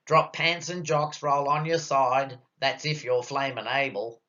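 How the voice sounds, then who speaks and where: A man's voice: medium pitch, fairly even intonation, a little slow, sharp tone, highs cut off. An Australian man voicing a blunt, unsmiling male doctor in a comic poem, curt and matter-of-fact.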